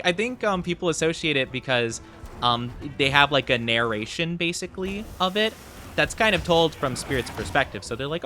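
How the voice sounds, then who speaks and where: A man's voice: on the high side, sharp tone. A man streaming a game, chatting casually in a rambling way and laughing often. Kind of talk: casual gaming stream chat.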